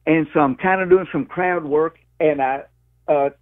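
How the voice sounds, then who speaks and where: A man's voice: a little high, normal speed. Southern man in his sixties on a phone line. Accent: Southern US (Mississippi). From Mississippi, USA. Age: 60s. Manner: lively storyteller, calls the host "man" and "dude". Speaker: stand-up comedian guest. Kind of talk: interview over the phone.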